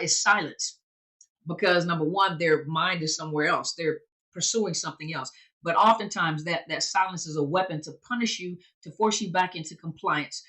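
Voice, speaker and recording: A woman's voice: lowish voice, a bit bright. A woman therapist and recovery coach giving an informal teaching talk, conversational and repeating phrases for emphasis.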